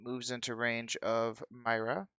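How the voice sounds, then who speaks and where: A man's voice: mid-range voice, completely flat delivery, slow pace, a bit bright, no room sound, dull audio. A man casually running a tabletop game as game master, explaining rules with joking asides.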